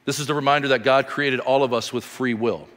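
A man in his thirties preaching a sermon as pastor, telling stories animatedly and swinging from loud bursts to quiet, slow emphasis. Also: medium pitch, fairly even intonation. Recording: reverberant hall.

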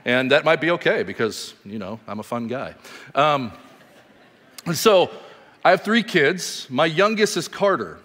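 A man in his thirties preaching a sermon as pastor, telling stories animatedly and swinging from loud bursts to quiet, slow emphasis. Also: fairly high pitch, expressive. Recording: reverberant hall.

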